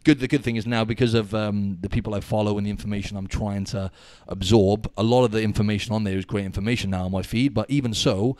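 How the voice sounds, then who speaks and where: A man from the UK hosts a relaxed podcast over a video call, talking quickly with a lowish voice. He is chatty and lively, drops "mate" into sentences, and the sound is dry and close. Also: dry recording. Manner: chatty, animated storyteller, says "mate" a lot. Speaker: podcast host. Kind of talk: casual podcast chat. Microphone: Skype call.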